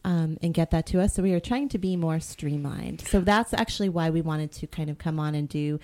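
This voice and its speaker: Middle-aged woman cohosting a podcast, low mellow voice, talks a lot. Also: brisk. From Boston area. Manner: chatty, explains plans at length. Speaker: podcast co-host. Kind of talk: casual podcast chat.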